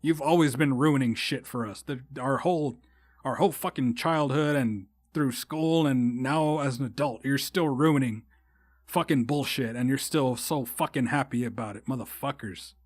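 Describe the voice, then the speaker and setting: A man's voice: medium pitch, normal speed, no room sound. A young man, hosting a solo podcast in a rambling, heavily profane style that often turns heated. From Texas. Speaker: podcast host. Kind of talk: casual solo podcast rant.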